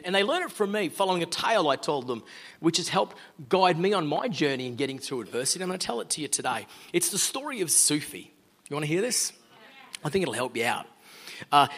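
A man's voice: a little high, a bit bright. A middle-aged Australian man giving an earnest, conversational sermon-style talk as a guest speaker. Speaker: guest speaker, law firm owner.

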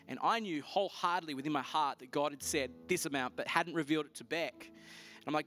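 A man preaching a sermon, telling a personal story in a lively, storytelling way, his voice rising sharply at the exciting moments. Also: on the high side, quick pace, faint music behind. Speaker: pastor.

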